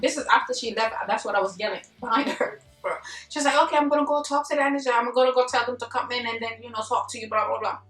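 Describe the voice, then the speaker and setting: A young woman vlogger telling a story casually and animatedly, full of slang and acted-out yelling. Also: high-pitched, fast, hardly any pauses. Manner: animated, slangy, acts out her own yelling. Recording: echoey room, mic at a distance, faint music.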